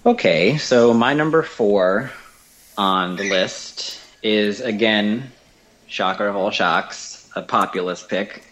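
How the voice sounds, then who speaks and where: A man's voice: fairly low pitch, takes it slowly, a bit bright, a little hiss or hum, rough recording. Enthusiastic rambling male podcast co-host. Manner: enthusiastic, rambling, with many fillers. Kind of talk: casual podcast discussion of film performances.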